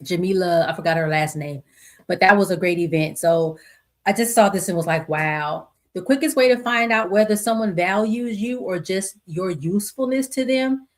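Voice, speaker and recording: Animated, laughing woman podcast host. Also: medium pitch, moderate pace. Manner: animated, laughs often, reads stories aloud with voices. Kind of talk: casual solo commentary. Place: home desk with two computer screens.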